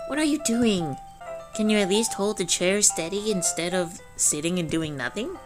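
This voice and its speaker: A woman's voice: mid-range voice, animated, moderate pace, voice pushed up, close to an everyday voice. A woman voicing a small, stubborn, hot-tempered teenage schoolgirl who talks huffily through clenched teeth, reading a visual novel aloud over music. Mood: indignant. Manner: huffy, defensive, talking through clenched teeth. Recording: clear background music.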